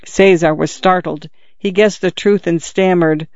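Man narrating an audiobook in a high voice. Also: fairly even intonation, unhurried, few pauses, dry recording, highs cut off.

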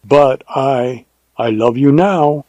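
A man's voice: medium pitch, slow, a little mellow, no room sound, muffled recording. A man voicing a proud, tender young woman who speaks imperiously and with wonder, in a storybook reading.

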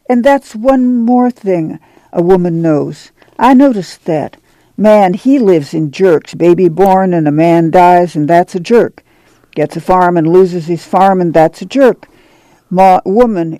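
This is a steady, soothing farm mother with a folksy rural way of talking, read by a man. The voice is fairly high for a man and warm and mellow. The sound is dry and close. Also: no room sound. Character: weary, steady mother of a poor farm family.

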